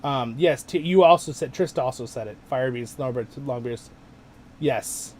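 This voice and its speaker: A man hosting a casual gaming livestream, rambling and excitable as he plays and answers chat. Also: medium pitch, moderate pace, a little hiss or hum. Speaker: livestream host.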